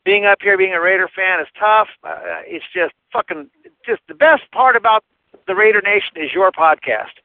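A high-voiced man calls in over a dry, tinny phone line. He swears freely, fed up with his team yet loyal to the show. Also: normal speed, vocal fry, no room sound. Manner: loyal fan, disgusted but affectionate, swears. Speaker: caller.

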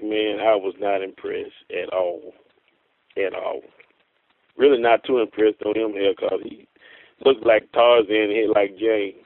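A man calling in to a radio show, ranting excitably and swearing, swinging between loud outbursts and low muttering. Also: vocal fry, dry recording. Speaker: caller. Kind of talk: animated call-in rant. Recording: tinny phone line.

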